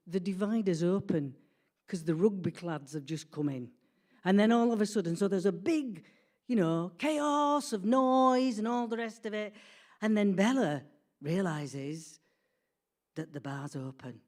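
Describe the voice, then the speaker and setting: A woman, telling a comic family story in a lively, animated way. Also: medium pitch. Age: 60s. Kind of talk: personal storytelling.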